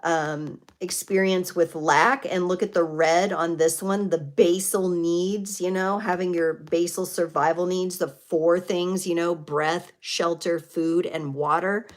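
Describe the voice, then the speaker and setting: A woman in her forties or fifties hosts a livestreamed tarot reading, reflective and spiritual, often using fillers and restarting her sentences. Her fairly low voice is unhurried and fairly even in intonation, with few pauses.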